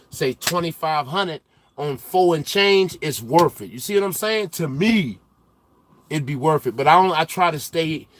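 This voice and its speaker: A young male trucker hosting a casual livestream, chatting with viewers in loose slang and getting loud and animated as he teases the chat. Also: on the high side. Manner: loose slang-heavy banter, gets loud and animated when teasing chatters.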